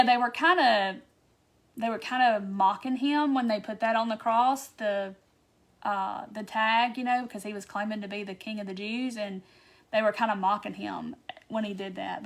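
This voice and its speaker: A chatty woman hosts a casual craft tutorial livestream and answers viewer comments as she goes. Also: medium pitch.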